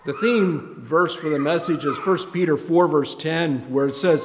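A man preaching a sermon, halting and repeating words, his voice climbing when he stresses a point. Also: a little high. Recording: reverberant hall with faint noise.

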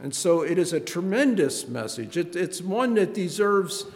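A man preaching a sermon, halting and repeating words, his voice climbing when he stresses a point. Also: high-pitched, sing-song. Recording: reverberant hall with faint noise.

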